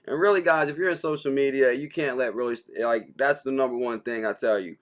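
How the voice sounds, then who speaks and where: A man's voice: mid-range voice, fairly quick, few pauses, a bit bright. Chill guy hosting a crypto live stream, slangy and joking, medium voice. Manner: laid-back, slangy, laughs easily. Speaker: crypto livestream host. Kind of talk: casual livestream chat, reading viewer comments.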